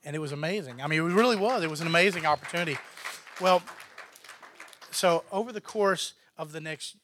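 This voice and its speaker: A man's voice: on the high side, brisk, noisy background. A man telling a casual story as a guest, laughing often and acting out what others said. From Texas, USA. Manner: animated, laughs often, acts out others' lines.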